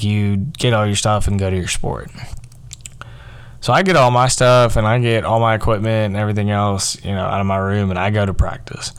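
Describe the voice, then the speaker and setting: A man's voice: on the low side, clear, resonant tone. Rambling young man telling his story. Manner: rambling, filler-heavy, frequent "like" and "um". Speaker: podcast host. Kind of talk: casual personal storytelling.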